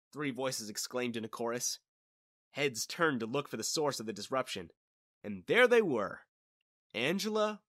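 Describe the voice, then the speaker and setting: Bright, lively male storyteller. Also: medium pitch, no echo, clean studio sound. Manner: casual first-person storytelling. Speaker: narrator. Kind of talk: scripted narration.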